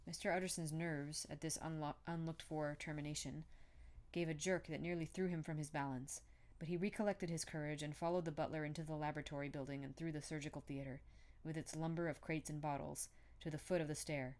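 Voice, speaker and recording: A woman's voice: sits low, steady tone, fairly quick, a little mellow. A woman reading a classic novel aloud in a plain amateur style, now and then restarting a word. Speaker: audiobook reader.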